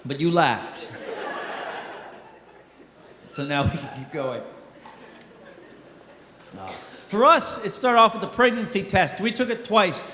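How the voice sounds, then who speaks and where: Man, stand-up comedian, middle-aged, lively swooping delivery, self-mocking, roomy echo, faint background noise. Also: high-pitched, slow pace, pauses often. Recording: echoey hall with long reverb, faint noise.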